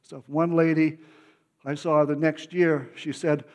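A man preaching, telling a story of his own testimony in an emotional, animated way with many restarts. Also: on the high side, unhurried.

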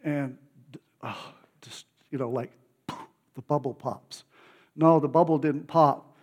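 A man preaching, telling a story of his own testimony in an emotional, animated way with many restarts. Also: a little high, slow, dull audio.

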